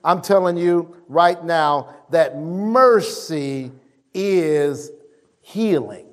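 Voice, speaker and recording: A man preaching a sermon, reading scripture aloud and acting out the voices with emphatic, drawn-out delivery. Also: on the high side. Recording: long hall reverb.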